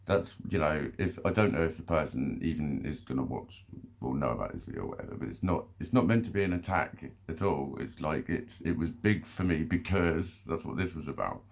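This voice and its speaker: A man's voice: very deep voice, big pitch swings, a little fast, gravelly. A man talking to camera in a rambling, casual monologue, swearing often, stopping and restarting, with short laughs between phrases. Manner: rambling, swears a lot, self-interrupting. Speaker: vlogger.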